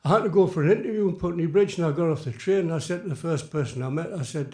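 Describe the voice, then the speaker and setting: A man in his eighties with a Geordie accent softened by years in London, chatting and telling self-mocking jokes between songs as a folk singer on a small theatre stage. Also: fairly high pitch, very fast, few pauses. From Tyneside, England. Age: 80s. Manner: chatty, rambling, self-mocking joke teller. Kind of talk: live folk club patter between songs. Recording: roomy live theatre sound.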